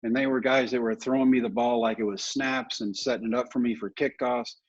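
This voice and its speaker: Middle-aged male guest, husky voice, lively anecdotal storyteller, slightly dull lo-fi audio. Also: mid-range voice, fairly quick. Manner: animated anecdotes, acting out other people's lines. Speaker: guest, former ballplayer and motivational speaker. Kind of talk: casual storytelling in a podcast interview.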